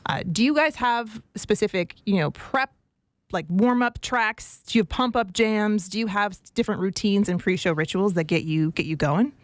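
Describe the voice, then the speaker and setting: A woman hosting a radio studio interview, asking questions in a quick, upbeat way. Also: mid-range voice, dry recording. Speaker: radio host.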